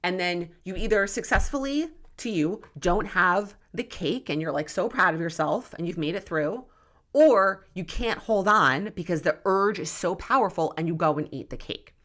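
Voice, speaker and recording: Her lowish, fairly bright voice moves at a normal speed and sounds animated. She's a young adult nutrition coach running a solo podcast, and her delivery is emphatic, heated and full of tough love.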